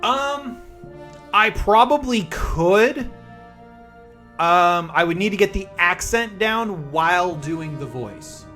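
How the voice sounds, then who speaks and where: A chatty man streaming from home, talking to his viewers in a lightly raised voice. He moves quickly and casually from one thought to the next while music plays clearly behind him. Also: sits high, expressive, pushed and bright. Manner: chatty, fast-talking, reads chat aloud. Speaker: live streamer. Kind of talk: casual live-stream chat. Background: background music.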